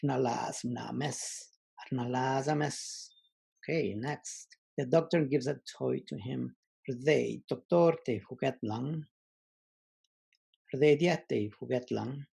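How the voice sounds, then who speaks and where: Man, language teacher, very slow, gravelly, husky, careful repetition. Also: mid-range voice, warm tone. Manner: slow careful repetition of example words, many fillers. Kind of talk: online language lesson.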